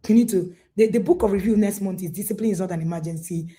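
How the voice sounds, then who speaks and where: A woman's voice: mid-range voice, quick pace, dark tone. A woman, a parenting coach giving an emphatic live talk, often repeating herself. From Nigeria. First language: Igbo.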